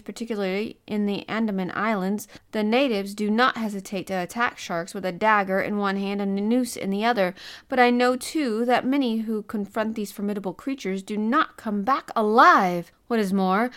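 A woman narrating a classic adventure novel as an audiobook, reading in a first-person voice with expressive turns. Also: mid-range voice. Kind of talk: scripted narration.

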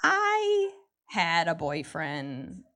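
A woman's voice: lowish voice, huge pitch swings, very slow, a bit bright. A woman in her thirties doing a stand-up comedy set, telling wry, self-mocking stories that build to punchlines. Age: 30s. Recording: noisy live stand-up recording.

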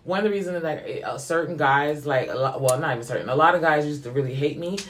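A woman's voice: deep voice, fast. A woman co-hosting a podcast, talking bluntly and frankly in casual chat and laughing often. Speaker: podcast co-host.

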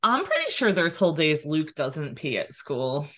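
A woman's voice: sits low, wildly swooping pitch, normal speed. A woman co-hosting a podcast, chatting casually and encouragingly, laughing along. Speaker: podcast co-host. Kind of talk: casual chat.

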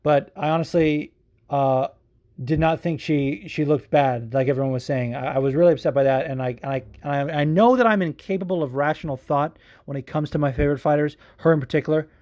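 Male podcast host, loose and profane, animated delivery, voice a touch high. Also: brisk. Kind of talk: casual podcast commentary.

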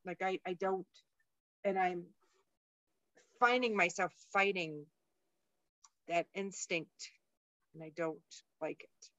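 A woman's voice: on the low side, steady tone, takes it slowly, pauses often, a bit bright, dry recording. A woman co-hosting a podcast in casual chat, talking frankly and thinking aloud, swearing freely. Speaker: podcast co-host. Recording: dull lo-fi dry sound.

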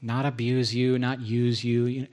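A man's voice: medium pitch, level tone, normal speed, darkish tone. A male pastor preaching a sermon, listing points, repeating them for emphasis and making joking, self-deprecating asides.

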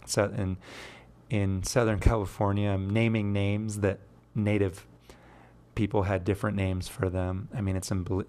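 A man's voice: fairly low pitch, a little mellow. A man in his fifties hosting a poetry show, talking in a casual, rambling way and often correcting himself mid-sentence. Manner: rambling, with frequent self-corrections and restarts. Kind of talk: casual solo monologue.

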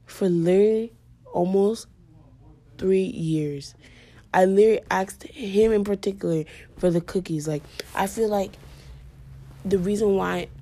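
A woman's voice: mid-range voice, warm tone. A young woman hosting a podcast, telling a personal story in casual chat full of fillers. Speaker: podcast host.

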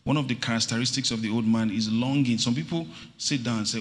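Speaking fast in a mid-range voice, a middle-aged pastor works the room with call-and-response and dramatized anecdotes. The animated sermon is recorded in an echoing church hall.

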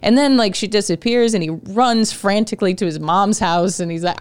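Woman rambling casually w/ lots of ums and swearing, smooth clear voice, dry close mic. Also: mid-range voice, fairly quick, few pauses, dry recording. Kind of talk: casual chat about a play.

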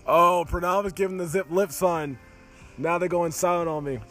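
A man's voice: high-pitched, steady tone, moderate pace, fairly bright tone, soft background music. A man in his twenties hosting a casual podcast on a phone. He has been drinking and talks in a teasing, rambling, profane way. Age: 20s. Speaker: podcast host. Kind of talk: casual chat.

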